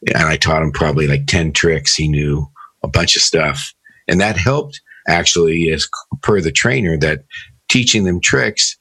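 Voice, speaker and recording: A man's voice: rumbling low, unhurried, sharp tone, slightly rough, no room sound. A man co-hosting a radio talk show, chatting casually and telling stories. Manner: chatty, anecdotal. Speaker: co-host lawyer.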